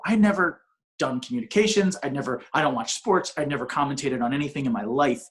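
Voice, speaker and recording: A male comedian with a medium-pitched voice and quick pace tells a long, rambling, self-mocking story as a guest in a casual interview, swearing freely and restarting sentences.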